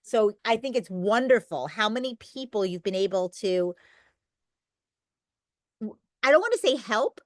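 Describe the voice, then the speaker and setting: A woman's voice: medium pitch, big pitch swings, measured pace, pauses often, no echo. A middle-aged woman talking as a podcast guest, an emphatic and talkative storyteller in casual conversation. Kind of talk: conversational interview.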